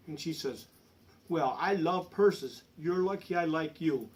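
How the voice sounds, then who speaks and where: Middle-aged man, a touch high-pitched, deadpan folksy storyteller, slight cough. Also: unhurried. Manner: folksy, rambling, peppered with "there" and "anyways". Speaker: comedic storyteller. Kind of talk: deadpan comic monologue in character.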